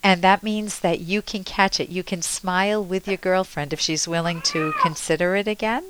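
A woman's voice: fairly low pitch, fairly even intonation, moderate pace, a bit bright, a little hiss or hum, poor audio. A woman radio therapist hosting a call-in show, earnestly coaching a caller with spoken examples.

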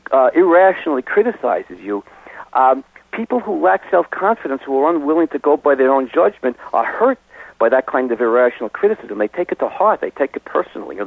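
A man speaking as a guest expert on a call-in advice show, halting and repeating words as he thinks aloud. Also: mid-range voice, husky, no echo. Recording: tinny phone line.

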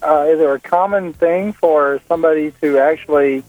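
A middle-aged man calling in to an advice show, speaking hesitantly with halting restarts. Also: on the high side, no echo, soft background music. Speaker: caller. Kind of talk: phone-in conversation. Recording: tinny phone line.

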